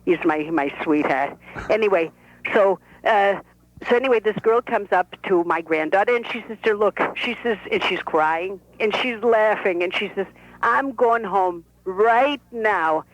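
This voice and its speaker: A woman's voice: medium pitch, measured pace, no echo, pitched above the performer's own voice, lightly acted. A woman voicing a pushy, chatty elderly grandmother with a Brooklyn and Yiddish-tinged accent, heard over a dull telephone line. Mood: boastful, chatty. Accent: Brooklyn with Yiddish inflection. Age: older. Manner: brash, folksy, talks over people. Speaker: playwright performing her character.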